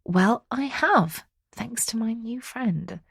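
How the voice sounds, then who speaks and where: Smitten young woman, put on by a woman reader, hushed whisper, secretive and smiling. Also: fairly high pitch, expressive, takes it slowly, creaky, husky, no echo, clean studio sound, voice pushed up, full character voice.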